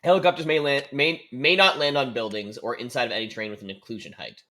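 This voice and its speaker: A man's voice: mid-range voice, steady tone, fast, pushed and bright. A man playing a tabletop wargame as a guest, chatting casually, laughing often and swearing for comic effect.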